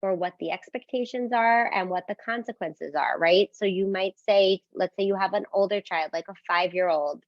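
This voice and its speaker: Woman, parenting educator, instructional talk, calm explaining, dry close sound, slightly muffled. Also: medium pitch, normal speed, hardly any pauses, no echo. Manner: explains calmly, asks "right?", acts out sample phrases for parents.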